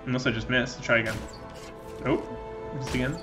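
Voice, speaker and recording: A man's voice: mid-range voice, little pitch movement, moderate pace, music in the background. A man giving loose, joking let's play commentary while he plays, often losing his train of thought. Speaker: gaming channel host.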